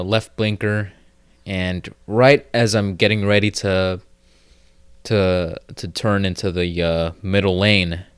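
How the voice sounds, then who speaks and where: A man with a smooth, lowish voice hosts a solo podcast, rambling through a profane story packed with fillers and restarts. The recording is dry with clean studio sound.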